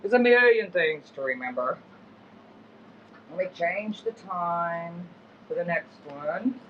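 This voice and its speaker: A middle-aged man runs a casual live-stream sale from home, rambling and often correcting himself as he goes. His voice sits fairly high for a man. The phone audio sounds dull and lo-fi, with faint background noise. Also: expressive, slow pace. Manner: rambling, self-correcting, easygoing. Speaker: live-stream auction seller. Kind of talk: casual live-selling chat. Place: home in the woods.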